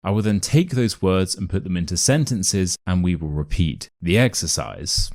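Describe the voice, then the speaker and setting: A man with a modern RP English accent giving a scripted pronunciation lesson, enunciating each word clearly and deliberately. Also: low-pitched, darkish tone, no room sound, studio quality. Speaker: accent teacher.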